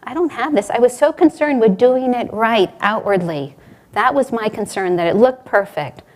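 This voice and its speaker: A woman doing a humbled father in a spoken parable, speaking softly and reflectively. The voice stays a little high and close to her own. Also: lively intonation, normal speed, slight background noise, lightly acted. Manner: soft, reflective. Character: humbled father realizing his failing.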